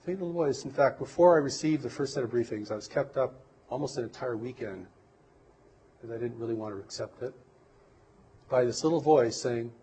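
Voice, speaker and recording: A man giving an interview, speaking in a measured, reflective way with some halting pauses. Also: medium pitch, warm tone, husky, low-quality recording. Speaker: interview guest. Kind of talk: earnest interview conversation.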